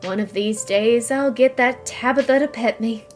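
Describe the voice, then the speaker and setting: A woman voicing a small, prim, scheming dog in a game, with a high, breathy voice. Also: moderate pace, soft background music, lightly acted.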